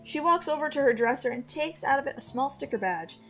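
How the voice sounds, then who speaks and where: Animated woman reading her own story. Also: high-pitched, fairly quick, soft background music. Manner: animated, casual asides. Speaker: author reading her old novel.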